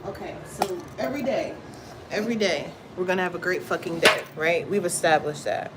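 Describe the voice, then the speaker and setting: A woman hosting a tarot stream, talking casually and bluntly to her viewers with lots of swearing and quick asides. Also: on the low side. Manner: blunt, profane, chatty, laughs and exclaims often. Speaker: tarot reader livestream host. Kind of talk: casual spiritual talk to viewers. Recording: steady background noise.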